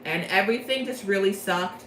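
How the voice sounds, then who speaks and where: A young woman chats her way through a game's storyline, bubbly and full of jokes, slipping into quick voices for the characters. The room around her rings with echo, and a faint noise sits underneath. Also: medium pitch, fairly bright tone. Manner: bubbly, jokey, acts out quick character quotes. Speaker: storyteller recapping a game plot. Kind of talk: casual chatty plot recap.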